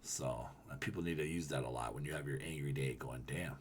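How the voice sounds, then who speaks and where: A man streaming live, chatting casually with his viewers and reading their comments, rambling and swearing, with loud ranting bursts. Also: extremely low pitch, a little fast, slight background noise. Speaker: livestreamer.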